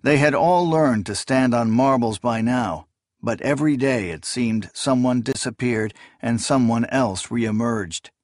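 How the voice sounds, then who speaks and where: A man reading a fantasy novel aloud as narrator, in a measured, steady storytelling delivery. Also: mid-range voice, no room sound, clean studio sound. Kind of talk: scripted audiobook narration.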